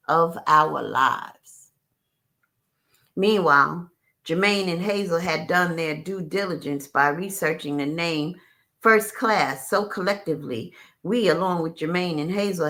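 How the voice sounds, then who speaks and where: A woman reading a memoir audiobook aloud, expressive, with casual asides. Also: medium pitch, vocal fry. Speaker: audiobook reader.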